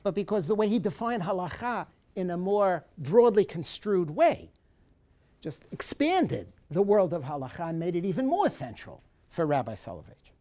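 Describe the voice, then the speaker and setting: A woman's voice: fairly low pitch, very animated, normal speed, dark tone. A woman giving a course lecture, emphatic and repetitive, who acts out questions in the first person. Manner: emphatic, repeats key points.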